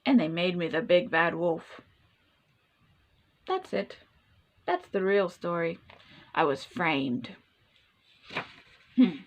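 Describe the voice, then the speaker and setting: A woman reading a children's story aloud in an animated, playful way, asking the listener questions as she goes. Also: on the low side, slow pace, pauses often. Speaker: storytime reader.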